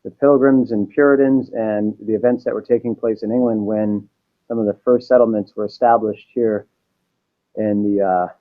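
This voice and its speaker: A man from Massachusetts answering interview questions in a measured, explanatory way. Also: fairly low pitch, fairly even intonation. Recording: dull, lo-fi sound.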